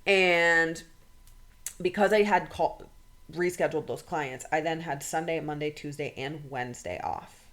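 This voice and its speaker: Lowish-voiced woman telling a story. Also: a bit bright. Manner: emotional, swears freely, quotes others in quick voices. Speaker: podcast co-host. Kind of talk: casual storytelling.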